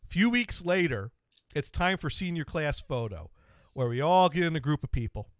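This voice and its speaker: A man's voice: fairly high pitch, animated, moderate pace, no echo. A man hosting a podcast, casually telling a long self-deprecating anecdote with frequent stops and restarts. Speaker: podcast host. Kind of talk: casual storytelling.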